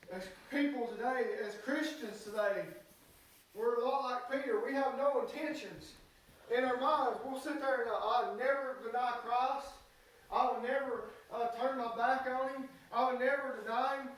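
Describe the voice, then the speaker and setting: High-voiced preacher in an echoey church. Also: male voice, fairly even intonation, a bit bright, distant mic. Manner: halting, fills pauses with "uh"; folksy Southern speech. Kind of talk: sermon. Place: church sanctuary.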